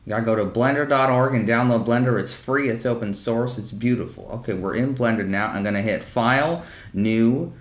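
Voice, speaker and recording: A chatty man walks through a software tutorial from his desk mic in a mid-range voice, easygoing and quick to poke fun at himself. His home room adds a noticeable roomy echo around him. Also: mid-range voice. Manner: chatty, self-deprecating, laughs easily. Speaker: animation tutorial host. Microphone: desk microphone.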